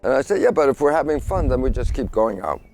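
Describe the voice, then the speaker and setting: Older guy, science type, telling a story all lively, acts out what everyone said. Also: mid-range voice, racing, soft background music. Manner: lively storyteller who acts out his own quoted lines. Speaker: guest scientist. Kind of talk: casual storytelling interview.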